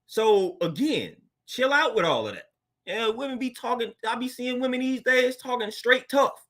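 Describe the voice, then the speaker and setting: A man's voice: very high-pitched, expressive, moderate pace, a bit bright. A man hosting his own show, talking casually in a laid-back, slang-filled monologue and laughing often. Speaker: podcast host.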